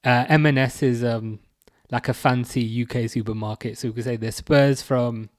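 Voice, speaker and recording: A man's voice: mid-range voice, fairly even intonation, moderate pace, dry recording, studio quality. A young man hosting a football watch-along livestream, rambling and mocking as he reads out viewer comments. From England. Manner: rambling, chatty and mocking, with many fillers and restarts. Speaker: livestream host. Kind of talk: casual live-stream chat, reading viewer comments.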